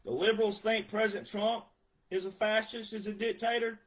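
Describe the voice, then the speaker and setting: Ranting male commentator, high-pitched, sarcastic, punchy delivery. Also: little pitch movement, brisk, slight background noise. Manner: emphatic, sarcastic, loud outbursts. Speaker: political commentator. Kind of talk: ranting monologue.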